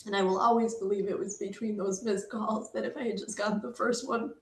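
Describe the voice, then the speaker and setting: A woman's voice: mid-range voice, steady tone, normal speed. A middle-aged woman sharing a painful personal story, emotional and apologetic, fighting back tears. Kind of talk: personal testimony talk. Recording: echoey room.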